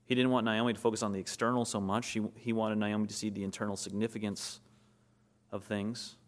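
A man's voice: fairly low pitch, flat delivery, a little fast. A man preaching a sermon, asking rhetorical questions and building to emphatic peaks. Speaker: pastor.

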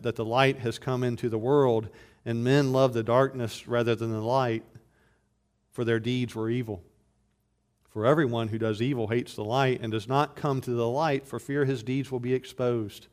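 A man preaching an expository sermon, building from steady explanation to loud emphatic bursts, with frequent restarts. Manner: rises to loud emphatic bursts, then drops low and slow; repeats words in restarts. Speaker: pastor.

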